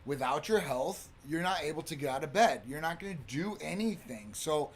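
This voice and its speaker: A man co-hosting a live stream chat, speaking in a measured, reflective way about priorities. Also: on the high side, expressive. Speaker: co-host.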